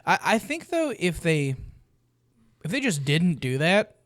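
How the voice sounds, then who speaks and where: A man's voice: fairly high pitch, measured pace, no room sound, clean studio sound. A man co-hosting a film podcast, talking casually and animatedly, often acting out quotes. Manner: animated, jumps into quoted voices. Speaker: podcast co-host. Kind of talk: casual chat.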